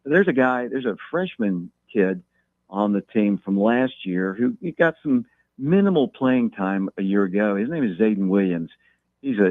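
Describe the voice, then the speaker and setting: A man calling in as a guest, talking football in a measured way and repeating words as he thinks. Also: lowish voice, no room sound. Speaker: guest talking local high school football. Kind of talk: phone-in interview. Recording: tinny phone line.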